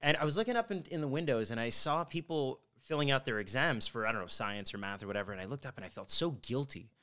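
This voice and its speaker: A man's voice: medium pitch, animated, fast, bright, forceful tone. A young man from Montreal, a podcast guest in a studio, telling his story in a loose, casual way with plenty of swearing. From Montreal, Canada.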